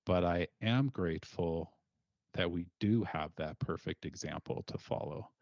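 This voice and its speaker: Deep-voiced, thoughtful male guest. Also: gravelly, darkish tone, no room sound, muffled recording. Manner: thoughtful, measured and sincere. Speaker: podcast guest, single father. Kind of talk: reflective interview talk.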